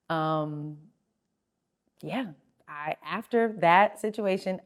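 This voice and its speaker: Woman, middle-aged, podcast host; low voice, candid personal storytelling. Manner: candid, animated, laughing through an awkward story.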